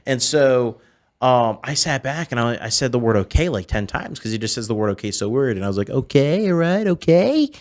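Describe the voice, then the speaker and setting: A man in his twenties speaks as a podcast guest in an ordinary mid-range voice. He tells his stories in a lively way, doubling back and restarting sentences as he goes. His delivery stays loose and conversational. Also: medium pitch, brisk. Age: 20s. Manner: animated storyteller, frequent restarts. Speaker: podcast guest, celebrity impersonator. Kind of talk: casual storytelling chat.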